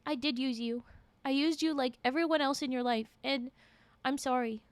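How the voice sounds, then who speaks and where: A woman doing a soft, guilty male doctor. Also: sits high, fairly even intonation, clear, resonant tone, no echo, close to an everyday voice. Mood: remorseful. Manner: soft, halting apologies.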